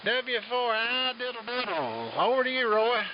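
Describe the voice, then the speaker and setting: A man's voice: very high voice, very animated, moderate pace. A man running an amateur radio net, rambling and earnest, heard through lo-fi radio audio with faint hiss. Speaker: net control operator. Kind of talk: ham radio chat.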